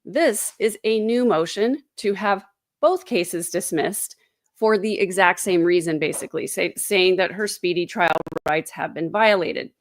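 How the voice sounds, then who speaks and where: A woman's voice: fairly low pitch, unhurried, dry recording. A woman hosting a casual true crime livestream from home, chatty and sarcastic. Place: home, indoors. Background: dogs.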